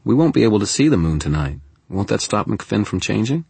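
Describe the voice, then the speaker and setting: A man voicing a sharp, skeptical young woman who presses with quick, insistent questions. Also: fairly low pitch, sing-song, gravelly, slightly rough, dry recording, voice pushed up, exaggerated voice.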